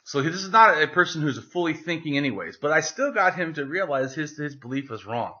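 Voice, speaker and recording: Animated, bright-voiced man telling a story. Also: on the high side, fairly quick. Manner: animated, with many fillers and restarts. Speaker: interview guest. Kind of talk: casual interview storytelling. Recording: lo-fi, dull sound.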